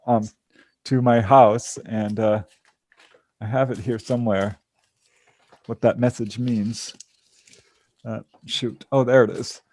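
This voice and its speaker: A man's voice: mid-range voice, a little mellow, no echo, studio quality. A man telling stories of his out-of-body experiences to a group over a video call, earnest and laughing often. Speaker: guest speaker. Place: home.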